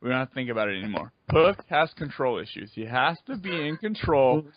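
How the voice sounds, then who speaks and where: A man's voice: mid-range voice, lively intonation, a little fast. A man co-hosting a gaming podcast who teases his friends with mocking jokes in casual banter. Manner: teasing, mocking, full of jokes. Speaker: podcast co-host. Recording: dull dry lo-fi podcast audio.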